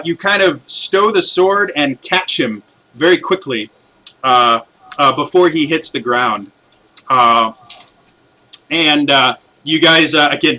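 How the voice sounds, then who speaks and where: A man's voice: mid-range voice, pushed and bright, poor audio. A man narrating as game master, rambling with many fillers and restarts as he describes the scene.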